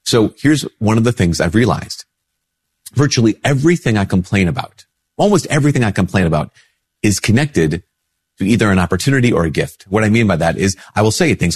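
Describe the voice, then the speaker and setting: A low, husky-voiced priest talks in a relaxed, chatty way, and his stuffy nose gives him a slightly sick sound. He pops his voice up whenever he acts out what people say. The sound is dry and close. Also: fairly quick, no room sound. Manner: conversational, acts out quoted replies in a higher voice. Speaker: Catholic priest. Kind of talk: casual spoken reflection.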